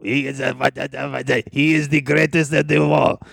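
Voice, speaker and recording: A man's voice: medium pitch, flat delivery, measured pace, gravelly, a bit bright, slightly rough, no echo, studio quality. A man co-hosting a casual podcast chat, amused and laughing often. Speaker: podcast co-host.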